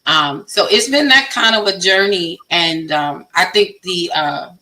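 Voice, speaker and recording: A bright, forceful woman in her fifties chats openly on a podcast. She tells her stories in a lively, expressive way and acts out her own reactions. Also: fairly low pitch, unhurried, rough recording. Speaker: guest panelist. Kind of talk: candid podcast chat.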